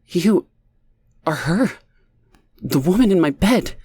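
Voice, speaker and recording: A man's voice: high voice, very animated, slow, darkish tone, breathy edge, no echo, pitched above the performer's own voice, full character voice. A man voicing a desperate, distraught mother who pleads tearfully, as an audiobook character. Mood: stunned.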